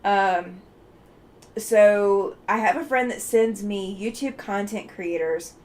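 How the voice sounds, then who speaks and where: A woman's voice: medium pitch, takes it slowly, a little mellow. A woman from Alabama hosts a casual livestream, reading chat aloud in a chatty, friendly way with many ums and easy laughs. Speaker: livestream host.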